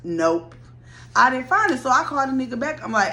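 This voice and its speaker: Animated woman telling a story time. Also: on the high side, normal speed. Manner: animated, blunt, swears freely, addresses viewers directly.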